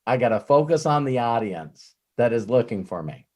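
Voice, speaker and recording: A man giving an off-the-cuff motivational talk as a network marketing trainer, rambling and animated, swearing freely and often breaking off and restarting his sentences. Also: medium pitch, normal speed. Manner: frequent restarts and self-interruptions.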